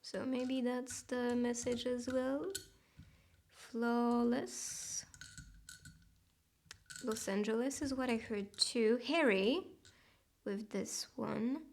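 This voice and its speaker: A woman with a slightly high voice reads tarot cards in a casual, chatty way. She talks gently, laughs often, and sometimes drops into soft whispered asides. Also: fairly even intonation, very slow, long pauses. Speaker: tarot reader. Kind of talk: casual tarot reading monologue.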